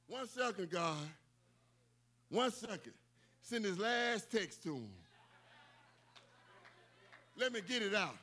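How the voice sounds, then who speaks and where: A man preaching a sermon with folksy asides, building to emphatic, repeated shouted lines. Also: high voice. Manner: emphatic, repetitive call-outs, bursts of shouting.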